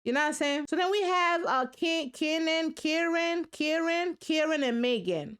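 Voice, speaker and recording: A woman's voice: sits high, expressive, moderate pace, fairly bright tone. A woman hosting a reaction video, giving sassy, slangy commentary on a reality show and talking straight to her viewers.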